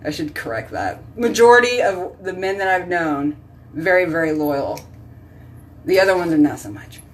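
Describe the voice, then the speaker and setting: A woman's voice: fairly low pitch, big pitch swings, normal speed, far from the mic, slight background noise. A woman hosting a casual live stream, chatting with viewers by name and rambling from topic to topic. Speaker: host reading live chat.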